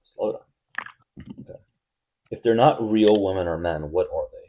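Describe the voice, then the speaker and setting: A man hosting a live stream debate, blunt and testy, quick to cut callers off. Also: sits low, warm tone, slight background noise.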